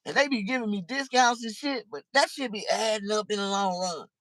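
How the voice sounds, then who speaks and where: A man's voice: high voice, a little fast, fairly bright tone, no room sound. A middle-aged man in a casual, profane, rambling monologue, talking confessionally to the camera. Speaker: vlogger.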